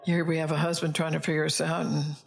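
A woman's voice: deep voice, little pitch movement, fast talker, vocal fry. A woman preacher telling a story in a sermon and reading scripture, with chatty asides to the congregation.

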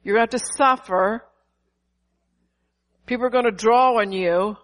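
Older woman pastor, animated sermon delivery with asides to the congregation. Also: on the high side, normal speed, rough recording. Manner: lively preaching with rhetorical questions and acted-out quotes.

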